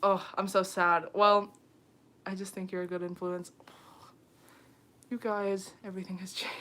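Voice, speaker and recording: A woman's voice: mid-range voice, little pitch movement, a little slow, pushed and bright. Giggly young woman chatting on a livestream. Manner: chatty, giggly, heavy on fillers like "um" and "like". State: tired late at night. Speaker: YouTuber hosting a livestream. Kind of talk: casual livestream chat reading comments. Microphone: phone.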